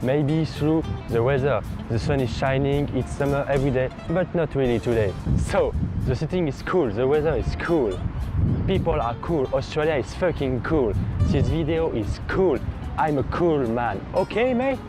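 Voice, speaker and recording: A man's voice: medium pitch, normal speed, over music. A young Frenchman with a French accent, narrating a playful, mock-outraged comic vlog in English. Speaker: vlogger.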